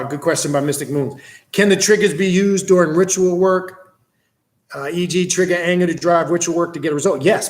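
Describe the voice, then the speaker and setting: A man's voice: a little high, echoey room. A man hosting a livestream, reading out and answering viewers' questions in a blunt, casual, profane way and telling stories with plenty of energy. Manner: blunt, profane, animated storytelling.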